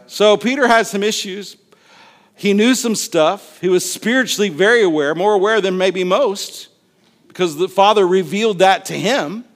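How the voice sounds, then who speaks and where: A man with a fairly high voice preaches in a drawl. He is lively and conversational, and he jumps into character voices to act out the Bible stories he tells. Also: moderate pace. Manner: animated, acts out Bible scenes with voices and laughter. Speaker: pastor. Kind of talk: sermon.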